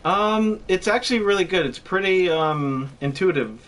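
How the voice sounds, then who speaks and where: A man's voice: high-pitched, animated, moderate pace, fairly bright tone. A young man chatting casually while streaming a game, rambling with lots of fillers. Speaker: gameplay streamer. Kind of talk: casual chat while gaming.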